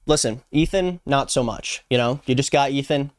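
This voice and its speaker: Young male YouTuber, playful commentary with jokey asides, smooth clear tone, dry close sound. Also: mid-range voice, lively intonation, moderate pace, hardly any pauses, fairly bright tone, no room sound. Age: 20s. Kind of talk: casual commentary. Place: Los Angeles.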